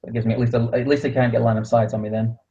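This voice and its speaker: A man's voice: mid-range voice, little pitch movement, racing, warm tone, highs cut off. A man playing a tabletop game, talking in a hesitant, casual way. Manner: hesitant, full of ums and restarts. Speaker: player.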